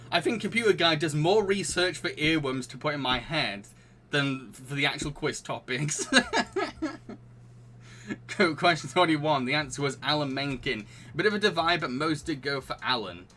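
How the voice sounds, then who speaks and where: A man's voice: fairly high pitch, sharp tone. A man hosting a live-streamed quiz, reading out questions and options and chatting with his audience between laughs. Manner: chatty and giggly, reading out questions and answering chat. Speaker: quiz host.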